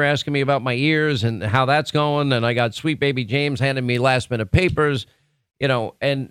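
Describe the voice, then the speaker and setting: A man's voice: fairly high pitch, no room sound, studio quality. A man hosting a talk radio show, giving an opinionated monologue in a conversational, emphatic way with frequent restarts. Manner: conversational, emphatic, self-correcting. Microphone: studio microphone.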